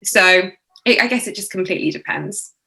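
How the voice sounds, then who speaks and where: Bright-voiced, chatty British woman. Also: medium pitch, fairly quick, vocal fry. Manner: chatty, animated, laughs often. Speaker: actress, interview guest. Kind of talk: casual interview chat. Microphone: video call.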